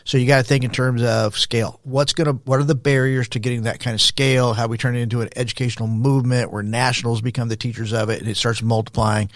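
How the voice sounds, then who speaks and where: An older man speaks as a guest in a casual interview. His mid-pitched voice is measured and reflective, with restarts as he works through his thoughts. The sound is dry and close. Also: little pitch movement, no echo. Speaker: podcast guest, leadership coach.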